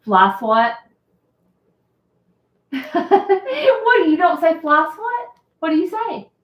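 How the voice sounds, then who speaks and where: A woman's voice: very high voice, sing-song, drawn-out words. A woman hosting a casual live stream, chatting and laughing often as she answers viewer comments. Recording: roomy echo.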